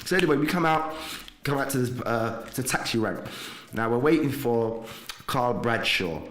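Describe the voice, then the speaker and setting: A man from England, a podcast guest, telling a lively story and often calling out to the audience. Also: mid-range voice, normal speed, echoey room, slight background noise. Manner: lively, exclaims to the audience, slips into quoted voices. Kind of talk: animated storytelling.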